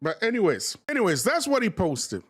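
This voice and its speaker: A man's voice: high-pitched, wildly swooping pitch, fairly quick, husky. A man hosting a livestream commentary, talking in a preachy, repetitive way and calling his viewers family. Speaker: host.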